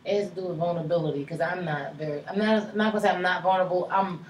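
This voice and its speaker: A woman co-hosting a casual podcast chat, emphatic and animated, swearing freely. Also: fairly low pitch, racing, a crowd in the background. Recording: echoey room with faint noise.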